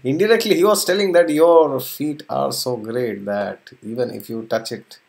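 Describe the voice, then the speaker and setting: A man's voice: medium pitch, moderate pace, creaky. A man teaching a spiritual lesson by retelling a scripture story, chuckling often as he goes. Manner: chuckles often, animated retelling with acted quotes.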